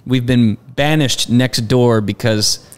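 A man's voice: medium pitch, slow pace, clear, resonant tone. A man co-hosting a podcast, with an Oklahoma accent, joking in casual chat and laughing often. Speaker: podcast co-host.

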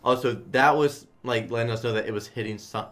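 A man commenting casually on a slot game stream, swearing a lot and swinging between flat muttering and loud outbursts. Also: mid-range voice, a little fast.

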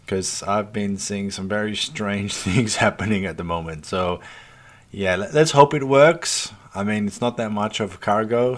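A man hosting a let's play, chatting casually to viewers as folks, swearing freely and muttering at the game as he goes. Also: lowish voice. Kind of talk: casual gameplay commentary.

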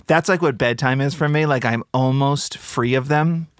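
A man's voice: mid-range voice, normal speed, clean tone, dry recording, studio quality. A man who is a guest on a casual podcast, joking at his own expense and laughing through his stories.

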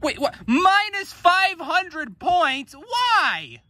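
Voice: very high voice, big pitch swings, very slow, sharp tone, dry recording, voice pushed up, heavily acted. A performer voicing a wealthy businesswoman who gets easily rattled, in an amateur plush-toy dub. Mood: shocked. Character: wealthy woman business president, flustered.

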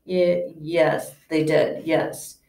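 A woman's voice: sits low, fairly even intonation, very slow, vocal fry, mellow, exaggerated voice. A woman reading a stammering bashful giant. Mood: nervous. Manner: hesitant, stammering. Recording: echoey room, distant mic.

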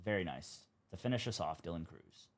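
A man's voice: low-pitched, lively intonation, fairly quick. A young man hosting a live card break stream, chatting casually as he calls out cards and teams.

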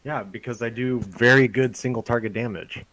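A man's voice: medium pitch, steady tone, normal speed, a bit bright, no echo, low-quality recording. A young man gaming with a friend over voice chat, swearing a lot and ranting mockingly in casual banter. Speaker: gamer on voice chat.

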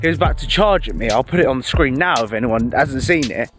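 A man's voice: mid-range voice, animated, quick pace, fairly bright tone, soft background music. A young man in his twenties vlogging casually, blunt and sweary, rambling while out of breath on an outdoor hill walk. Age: 20s. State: out of breath while walking uphill. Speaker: bodybuilder vlogger. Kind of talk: casual vlog.

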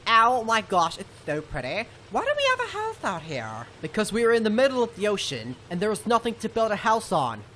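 Girl doing a bright snarky fox kid, swears a ton, always fed up, amateur cartoon. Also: mid-range voice, huge pitch swings, fairly quick, few pauses, a little hiss or hum. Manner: exasperated, sighing, swears a lot. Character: young male fox sidekick, exasperated and foul-mouthed.

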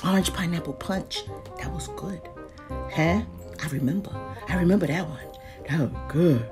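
A woman, chatting casually about deals in a lively vlog, with lots of exclaiming and laughing. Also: lowish voice, normal speed, over music. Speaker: deals vlogger. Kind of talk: casual live chat.

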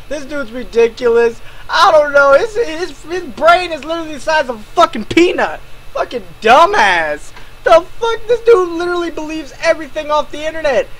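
Foul-mouthed young man ranting. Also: very high voice. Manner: swears constantly, swings into shouting and laughing disbelief. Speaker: YouTuber ranting about another creator. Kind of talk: angry reaction rant.

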